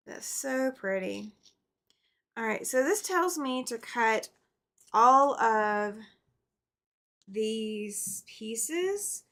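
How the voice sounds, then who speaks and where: A woman's voice: on the high side, a bit bright. A middle-aged woman hosting a casual quilting livestream, chatting, reading viewer comments aloud and laughing often. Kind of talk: casual live chat while sewing.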